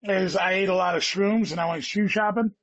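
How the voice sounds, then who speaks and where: A man's voice: high voice, fairly even intonation, a little fast, fairly bright tone, muffled recording. A man in his thirties, a guest comedian, rambling through a story and saying "dude" a lot. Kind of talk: casual chat.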